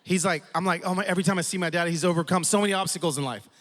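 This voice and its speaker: A man preaching a sermon as a lively, funny storyteller. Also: sits high, racing. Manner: animated, humorous storyteller. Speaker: pastor. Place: large church auditorium. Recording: long hall reverb.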